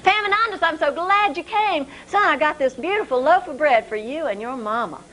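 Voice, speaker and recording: A woman's voice: sits high, expressive, brisk, fairly bright tone. A woman voicing a kindly, welcoming rural aunt.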